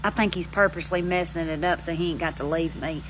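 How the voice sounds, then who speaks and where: A woman's voice: lowish voice, steady tone, fast, a little hiss or hum, low-quality recording. A woman with an Alabama Southern accent, chatting casually to her phone while sitting outside on her front steps, rambling in folksy country slang. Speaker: vlogger. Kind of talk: casual chat to camera.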